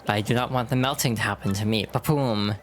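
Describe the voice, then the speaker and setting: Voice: mid-range voice, quick pace, soft background music, lightly acted. A streamer voicing Bob-omb townsfolk from a video game with a put-on foreign accent and clipped, broken grammar, reading the dialogue aloud. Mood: cheerful.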